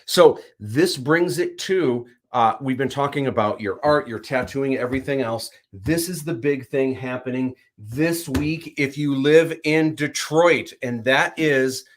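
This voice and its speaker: A man hosting a livestream, chatting casually and animatedly, telling stories and acting out quick bits. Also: mid-range voice, slight background noise. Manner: animated storyteller, acts out little voices. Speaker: livestream host. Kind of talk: casual chat.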